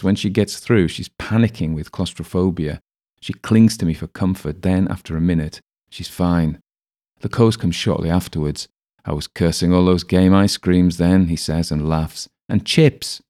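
Man, very low voice, steady first-person audiobook narration. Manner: steady, even storytelling.

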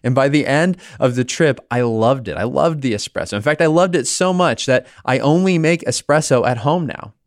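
A man's voice: mid-range voice, moderate pace, hardly any pauses, dry recording, studio quality. A man hosting a podcast, teaching about the Bible in a conversational way and telling a personal story along the way. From United States. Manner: conversational, animated storytelling with small restarts.

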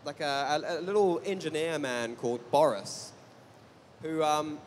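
A man game master on a convention panel, rambling in a soft-spoken, self-deprecating way. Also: a little high, unhurried, slight background noise. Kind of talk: casual panel chat.

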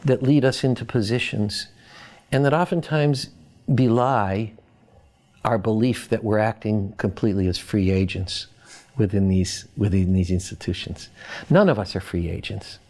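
A man from Boston, an academic guest, giving reflective interview answers in a measured, thoughtful way with pauses. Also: fairly low pitch, lively intonation, a little mellow.

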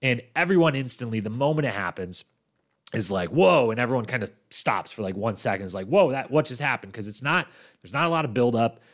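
A man of middle pitch talks through a reality show recap in a loose, chatty way. He tells the story with animation and fills it with "like" and "you know." When he quotes people, his voice jumps up to play them. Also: animated, fast talker, fairly bright tone. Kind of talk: casual recap monologue.

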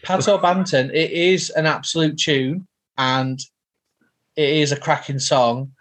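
A man's voice: on the high side, steady tone, a little slow, fairly bright tone. A man co-hosting a casual podcast chat, enthusiastic and teasing. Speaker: podcast co-host.

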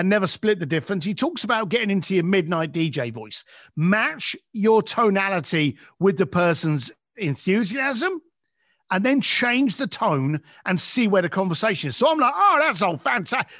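Male storyteller, high and lively, plays out dialogue, sinks to a hush for emotion. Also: normal speed, no room sound, studio quality. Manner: acts out voices, drops voice low and quiet for emotional moments. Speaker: guest telling a story. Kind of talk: animated anecdote.

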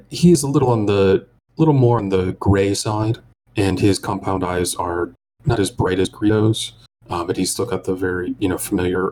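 Deep voiced guy gm-ing a tabletop game, slow descriptive narration, bit of faint noise. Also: a little mellow. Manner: measured, descriptive narration with filler pauses. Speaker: game master.

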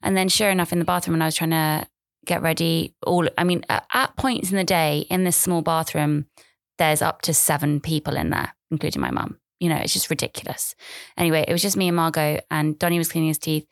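Gravelly-voiced woman rambling casually. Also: sits low, brisk, no echo, clean studio sound. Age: 30s. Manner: rambling, self-deprecating, chatty. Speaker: podcast host. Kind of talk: casual monologue.

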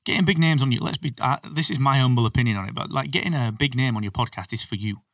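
A man talks podcasting in a chatty, opinionated way, full of quick asides. His voice is mid-pitched, with a dry sound and a slightly distant mic. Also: creaky, a bit bright, no room sound. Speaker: podcast host. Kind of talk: casual chat.

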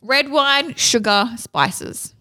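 A woman's voice: high voice, very slow, pushed and bright, a little hiss or hum. A woman co-hosting a podcast, swearing freely and laughing hard as she quizzes her friend. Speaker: podcast co-host. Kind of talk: casual chat, quizzing her co-host.

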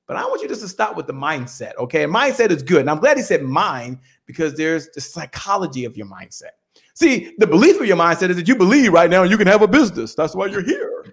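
A guest speaker on a podcast, heard over a remote call, gives a fired-up motivational talk in a high, husky voice. He preaches with chants and call-and-response.

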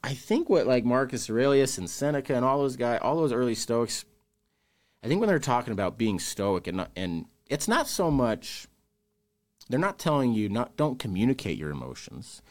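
A man's voice: medium pitch, big pitch swings, moderate pace. Earnest man speaking openly about grief. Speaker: podcast guest. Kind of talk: candid interview conversation.

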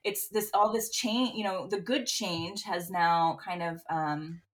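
A woman's voice: on the low side, unhurried. A woman in her thirties co-hosting a podcast, telling candid, rambling stories in casual chat and swearing freely. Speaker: podcast co-host.

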